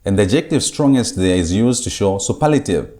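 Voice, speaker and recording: A man giving a recorded lecture on Hebrew grammar, speaking slowly and repeating key words and phrases so they sink in. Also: on the low side, lively intonation, warm tone.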